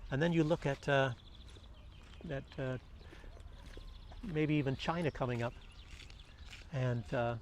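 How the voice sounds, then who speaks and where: A man's voice: medium pitch, unhurried, long pauses, a little hiss or hum. A man giving casual commentary and telling a fable in a rambling way, full of fillers and restarts. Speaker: vlogger. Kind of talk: casual spoken commentary and storytelling.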